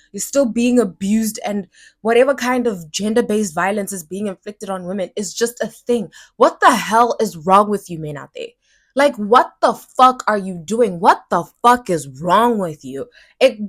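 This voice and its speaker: A young woman talks alone into her podcast mic, angry and blunt, swearing freely and repeating words to drive them home. Her voice sits in a middle pitch. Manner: heated, swearing, repeats phrases for emphasis. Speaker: podcast host. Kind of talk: solo podcast rant.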